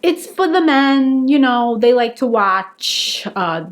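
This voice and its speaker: A woman's voice: high-pitched, lively intonation, slow pace. Woman doing a dismissive, shrugging husband. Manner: dismissive, matter-of-fact.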